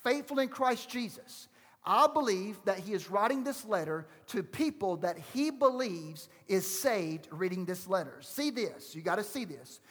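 High-voiced pastor preaching in a reverberant hall. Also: male voice, lively intonation, a little slow, a bit bright. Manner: emphatic, rhetorical questions to the congregation. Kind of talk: sermon.

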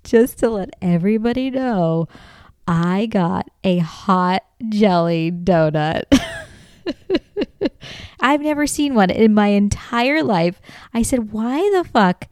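A woman's voice: medium pitch, slow, long pauses, clear, resonant tone, no echo. A woman hosting a comedy podcast, telling a story with lots of swearing and laughter and acting out what people said. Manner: animated, swears freely, laughs often, acts out quoted lines. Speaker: podcast host.

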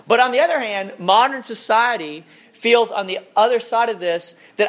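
A man's voice: sits high, normal speed, fairly bright tone. A young man preaching a conversational sermon full of rhetorical questions. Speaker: pastor.

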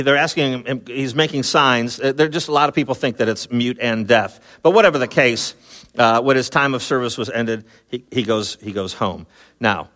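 A man preaching a sermon, retelling a Bible story in a lively, casual way with many fillers and quick voiced asides. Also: medium pitch. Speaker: pastor.

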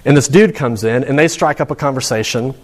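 A man's voice: mid-range voice, fairly quick. A man giving a sermon to students in a conversational, storytelling way. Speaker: preacher.

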